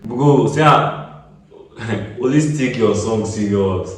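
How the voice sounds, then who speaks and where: A man's voice: fairly low pitch, moderate pace. A Nigerian man giving a casual music-recording tutorial. He is chatty, repeats himself and slips in Pidgin asides like "get me?". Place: small echoey room. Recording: echoey room, voice far from the mic.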